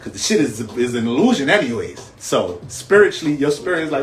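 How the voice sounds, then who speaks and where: A man hosting an astrology livestream, talking casually, full of swearing and slang, with his pitch swinging up and down as he talks. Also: brisk, slight background noise. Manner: profane, streetwise, animated, jumps up and down in pitch. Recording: echoey room with faint music.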